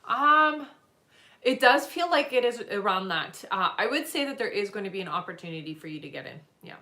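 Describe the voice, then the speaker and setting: A woman giving live psychic readings, answering gently and reassuringly with many pauses and fillers. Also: medium pitch, animated, roomy sound. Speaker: psychic reader.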